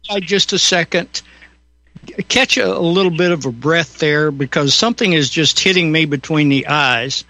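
A man hosting a talk radio show who speaks in halting, reflective interjections. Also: fairly high pitch, bright, forceful tone, no room sound. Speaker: radio host.

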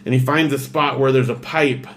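A steady, slightly bright male voice at medium pitch, with a touch of hiss or hum. He's chatting informally, quickly recounting a story with lots of energy, voicing the people in it and leaning heavily on "like."

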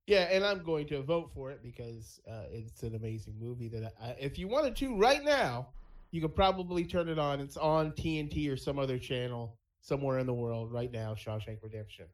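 A man's voice: mid-range voice, lively intonation, fairly quick. A man hosting a casual podcast, announcing matchups and calling on each panelist. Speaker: podcast host running a movie bracket. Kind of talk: casual chat.

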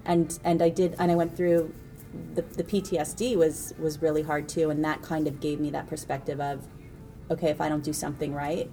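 A woman from Canada with a low, mellow voice speaks earnestly and reflectively. Faint music plays behind her. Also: level tone, a little fast. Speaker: guest. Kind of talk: casual chat.

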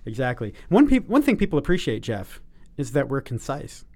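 Podcast co-host, male, joking upbeat delivery, somewhat higher voice. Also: wildly swooping pitch, normal speed, darkish tone. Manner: upbeat, joking, frequent fillers. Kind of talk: casual chat.

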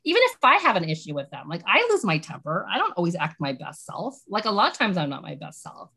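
A woman talking casually as a podcast guest, animated and rambling with lots of "like"s. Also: lowish voice, fast talker, creaky, breathy edge. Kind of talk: casual chat.

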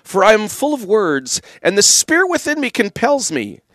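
A man putting on a mock-dramatic impression of a male politician, declaiming scripture in a grand, drawn-out way. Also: high voice, wildly swooping pitch, a bit bright, no echo, clean studio sound, voice pushed up, heavily acted. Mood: theatrical.

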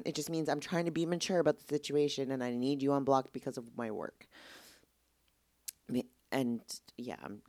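Young woman host, low and dry, candid rambling chat, fed-up tone. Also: darkish tone, no room sound. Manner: candid, exasperated, rambling with lots of "like". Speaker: podcast host. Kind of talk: casual solo podcast chat.

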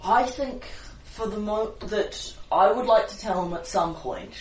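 A player in a tabletop game, talking through decisions in a thoughtful, deliberate way. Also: medium pitch, lively intonation. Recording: roomy, distant mic, faint noise.

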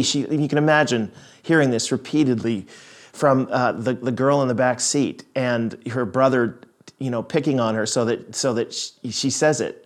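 A man's voice: mid-range voice, normal speed. A middle-aged man preaching a sermon in a conversational, storytelling way, with frequent restarts. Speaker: pastor.

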